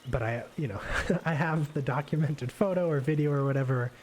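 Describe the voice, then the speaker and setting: A man giving a relaxed, rambling live painting demonstration, thinking aloud with many fillers and restarts as he works. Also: on the high side, brisk, a little hiss or hum. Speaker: art instructor painting live. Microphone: desk microphone on a livestream.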